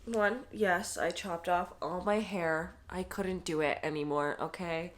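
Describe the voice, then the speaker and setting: A woman's voice: fairly low pitch, steady tone, measured pace. Chatty young woman vlogging about books. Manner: chatty, emotional, frequent laughs and swearing. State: teary, close to crying. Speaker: book vlogger. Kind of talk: casual vlog chat.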